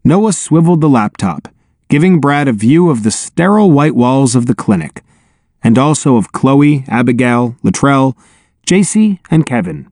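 A man narrating a storybook in the first person, with a wry, lively delivery. His pitch sits in the middle and swings widely. The recording is close and completely dry. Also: moderate pace, no echo. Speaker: audiobook narrator.

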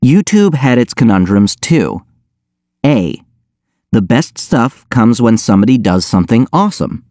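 A man's voice: mid-range voice, big pitch swings, a little slow, dark tone, no echo, studio quality. Wry man narrating an audiobook. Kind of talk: first-person audiobook narration.

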